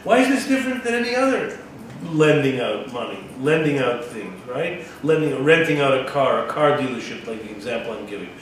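A man's voice: medium pitch, animated, brisk, a bit bright. A man giving a Torah-study lesson, reading a Hebrew text aloud, translating it, and asking his listeners rhetorical questions. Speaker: Torah teacher. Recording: echoey room, distant mic, faint background noise.

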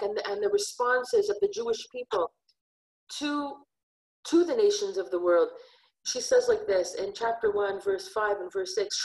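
A woman's voice: fairly high pitch, big pitch swings, moderate pace, vocal fry, low-quality recording. A woman giving an earnest, heartfelt religious lesson on scripture. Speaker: Torah teacher.

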